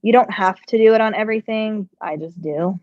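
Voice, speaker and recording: A woman's voice: medium pitch, fairly quick, no room sound. Woman host, middle-aged, rambling casual chat, slightly congested, dry and dull-sounding mic. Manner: chatty and rambling, answers viewer questions. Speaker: sewing channel host. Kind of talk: casual live-stream chat while working.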